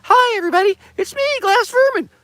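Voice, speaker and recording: A man voicing a small male talking glass pipe head in a very high, squeaky falsetto that sounds chirpy and overly polite. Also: quick pace, a bit bright, no room sound.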